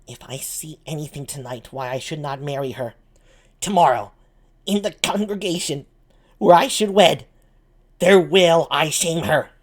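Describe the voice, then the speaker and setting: A man reading the lines of an indignant young male nobleman quietly in a solo play reading. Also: fairly high pitch, measured pace. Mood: vengeful.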